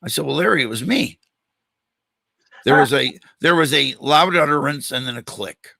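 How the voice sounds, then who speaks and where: Older male host and animated storyteller, bright tone, dry studio sound. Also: a little high, moderate pace, creaky, dry recording. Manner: animated storyteller, acts out quoted dialogue. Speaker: podcast host. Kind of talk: storytelling in a casual interview.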